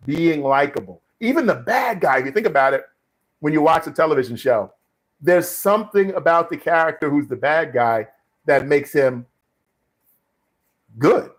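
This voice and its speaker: A middle-aged man hosts a casual live stream from his home studio, chatting about acting. He rambles through anecdotes with plenty of fillers and restarted phrases. His voice sits at an ordinary middle pitch. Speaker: live stream host, actor.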